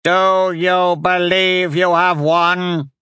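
Hateful old witch, vengeful, slow menacing shouts, pitched up high, a man putting her on. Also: little pitch movement, clear, resonant tone, no echo, studio quality, exaggerated voice.

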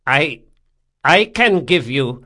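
A man's voice: fairly high pitch, sing-song, slow pace, pushed and bright, pitched above the performer's own voice, full character voice. Shaken old male ruler, strained and pleading, read by a man in an audiobook.

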